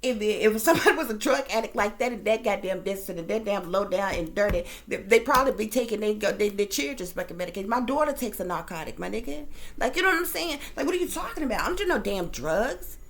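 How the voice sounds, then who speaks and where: A woman's voice: medium pitch, animated, quick pace, hardly any pauses. A woman host telling a story to her viewers in a casual, heated rant, profane and emphatic. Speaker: psychic reader and channel host.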